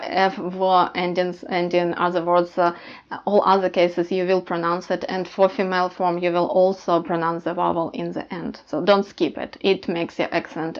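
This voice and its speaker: Woman teaching, flat low voice. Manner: explanatory, many hesitations with uh. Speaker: language teacher. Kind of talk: casual language lesson. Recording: slightly dull lo-fi audio.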